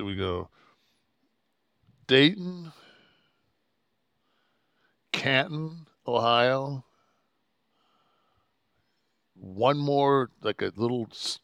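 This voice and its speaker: A podcast host in his sixties, with a mid-range, creaky voice, tells a rambling, profane road story in a casual way, animatedly acting out the people in it. The recording is studio quality with no room sound.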